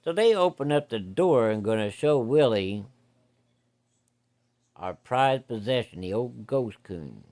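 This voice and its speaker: A man's voice: medium pitch, lively intonation, measured pace, long pauses, a little mellow. A man telling a hunting story in a folksy, profane, vivid way. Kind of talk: casual spoken storytelling.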